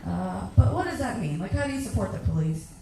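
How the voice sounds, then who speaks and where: A young woman performing a stand-up comedy set on a club stage, ranting in lively bursts and shouting her acted-out asides. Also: medium pitch, fast, distant mic. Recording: echoey club room heard from afar.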